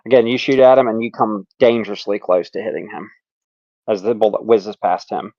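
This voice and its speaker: A man narrating as game master in a tabletop game, relaxed and laughing, with lots of fillers. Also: on the low side, fairly quick, no room sound. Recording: dull lo-fi sound.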